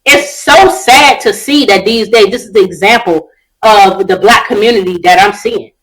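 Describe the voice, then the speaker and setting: A woman's voice: medium pitch, moderate pace, a bit bright, faint music behind, poor audio. A woman co-hosting a casual podcast, blunt and profane, acting out quotes as she talks. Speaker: podcast co-host. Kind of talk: casual chat.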